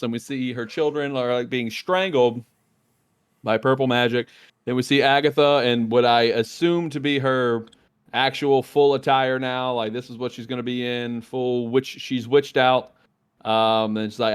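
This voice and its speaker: This man co-hosts a podcast, speaking at a moderate pace in a clean, mid-range voice. Chatting casually about a TV episode, he animatedly acts out the characters' lines as he retells the scenes.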